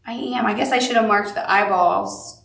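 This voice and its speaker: A woman's voice: mid-range voice, normal speed, gravelly, fairly bright tone, reverberant, far from the mic. A woman with a Southern accent leads a live quilting tutorial, chatty and upbeat, with cute little asides. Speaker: quilting instructor.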